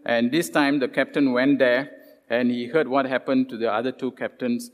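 A man delivering a sermon with a voice of middling pitch, heard in a large hall where his words ring out with a long reverb tail. He retells scripture stories casually, slipping into animated voices for the characters and pausing often on "uh". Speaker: preacher.

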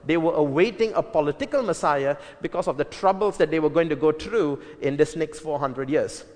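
A man's voice: fairly high pitch, fairly quick, a little mellow. Earnest preacher man in a hall. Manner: earnest, emphatic, with frequent fillers and restarts. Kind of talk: sermon Bible teaching.

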